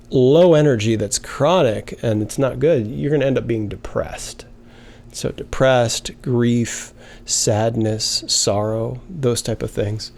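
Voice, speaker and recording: A man teaching a lesson in a relaxed, conversational way, now and then acting out short example phrases. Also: mid-range voice. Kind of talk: explanatory lesson.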